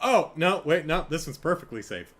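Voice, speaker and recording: A man doing a shrill, panicky little mushroom man. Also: big pitch swings, moderate pace. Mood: frantic. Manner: shrill, frantic yelling.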